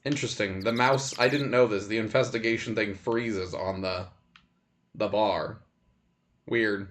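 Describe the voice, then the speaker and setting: A man streaming a game, commenting casually in a relaxed, rambling way. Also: mid-range voice, a little slow, slight background noise.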